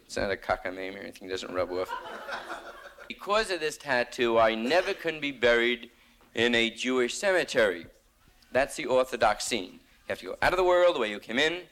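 A man's voice: mid-range voice, a bit bright. A young man doing a rambling, slangy stand-up monologue on stage. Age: young adult. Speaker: stand-up comedian.

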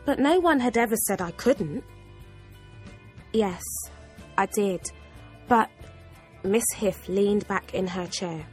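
A woman reading a storybook aloud in first person, expressive and measured. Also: medium pitch, soft background music. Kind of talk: storybook narration.

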